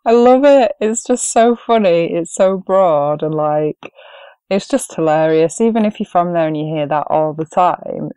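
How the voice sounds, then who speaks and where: Low-voiced Mancunian woman chatting films. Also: mellow, smooth, no room sound. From England. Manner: chatty, giggly, many fillers. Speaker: podcast co-host. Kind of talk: casual film review chat.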